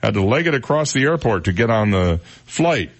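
A man's voice: fairly low pitch, sing-song, moderate pace. A man hosting a radio talk show, chatting and joking as he reads out news stories.

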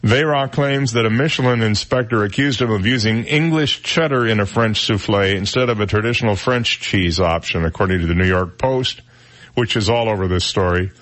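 A man's voice: lowish voice, a bit bright. A man hosting a talk radio show, chatting wryly and joking about odd news stories in a studio. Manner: wry, joking, drawn-out delivery.

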